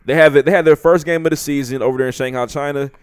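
A man's voice: a little high, fairly even intonation, racing, smooth, no room sound. A man co-hosting a podcast, steering the casual talk on to the next topic. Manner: steers the topics, moves the show along. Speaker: podcast co-host. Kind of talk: casual chat.

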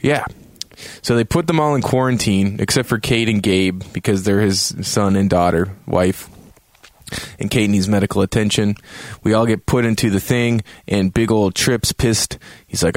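Guy rambling thru a game recap, swears a lot, lowish voice, dry sound. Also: normal speed, no room sound. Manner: rambling, profane, joking. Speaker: game reviewer, show host. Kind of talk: casual game review.

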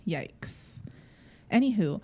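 A woman's voice: mid-range voice, sing-song, extremely slow, darkish tone, slightly rough. A woman co-hosting a casual podcast, reading a listener's email aloud with dry asides. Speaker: podcast co-host.

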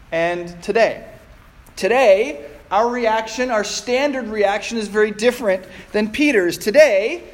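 A man preaching a sermon as pastor, measured and deliberate, often posing rhetorical questions to the congregation. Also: sits high.

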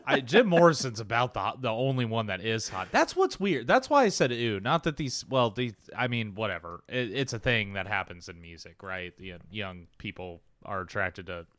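A man's voice: on the low side, sing-song, moderate pace, hardly any pauses, fairly bright tone, dry recording. A man co-hosting a casual podcast chat, joking and swearing, slipping into silly put-on accents. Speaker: podcast co-host.

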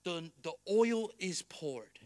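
A man pastor delivering a sermon in church, blunt and emphatic, swinging between soft passages and loud ones. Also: sits high, lively intonation, slow. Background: faint music.

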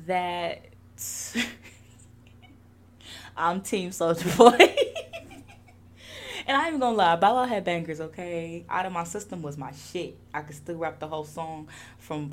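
A woman's voice: lowish voice, a little hiss or hum. A young woman hosting a podcast, chatting casually with lots of laughter and swearing. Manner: animated, laughing, profane. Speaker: podcast host.

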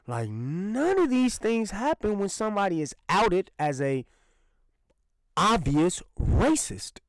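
A man's voice: sits high, big pitch swings, slow pace, no echo, low-quality recording. A young man hosting a solo podcast, ranting with indignant sarcasm, swearing often and laughing as he goes. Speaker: podcast host.

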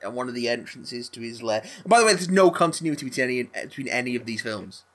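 Animated, bright-voiced man telling stories. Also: mid-range voice, fast talker. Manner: animated, rambling storytelling with frequent restarts. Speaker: podcast co-host. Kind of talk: casual chat.

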